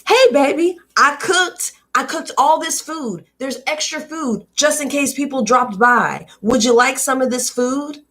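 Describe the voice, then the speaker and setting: A woman voicing a sweet-talking mother who coaxes a child with offers of food, in a high, sing-song tone. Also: unhurried, hardly any pauses, fairly bright tone. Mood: sugary hospitable.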